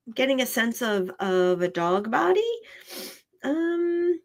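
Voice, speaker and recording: A woman's voice: a little high, very animated, slow. A woman working as an animal communicator, giving live readings in a chatty way, often repeating herself and laughing.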